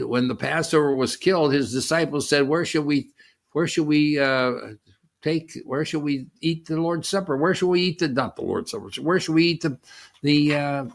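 A man preaching a sermon, talking in a halting way with many fillers and restarts. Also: on the high side, gravelly, a bit bright.

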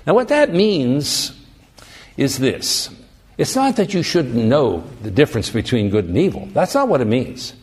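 Animated male preacher. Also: medium pitch, unhurried, slightly rough. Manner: animated, emphatic, asks rhetorical questions. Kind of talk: sermon.

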